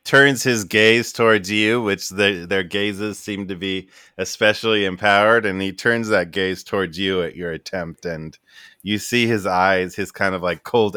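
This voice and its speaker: A man's voice: low voice, sharp tone, clean tone, dry recording, studio quality. A man narrating as game master of a tabletop game, loose and casual with plenty of fillers.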